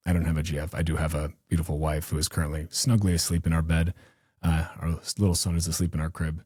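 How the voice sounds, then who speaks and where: Man, low husky voice, dry close sound, profane rambling podcast host. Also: flat delivery, fast talker, darkish tone, no room sound. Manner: profane, rambling, self-mocking. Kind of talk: casual live-stream monologue.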